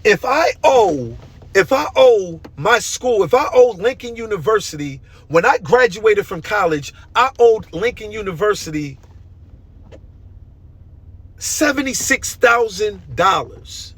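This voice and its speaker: A man's voice: high-pitched, expressive, measured pace, fairly bright tone, slightly rough. A young man delivering an impassioned, emotional monologue, hammering his points with repeated phrases.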